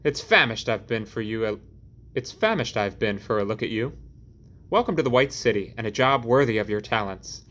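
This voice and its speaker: A man voicing a boisterous middle-aged construction boss who talks loudly and heartily, in an audiobook reading. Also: lowish voice, lively intonation, moderate pace. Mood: jovial. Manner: loud, roaring and jovial.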